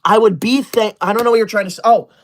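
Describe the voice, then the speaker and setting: A livestream host in his twenties reads chat comments and scolds viewers like a strict teacher. His voice sits high, his intonation is fairly even, and he speaks fast.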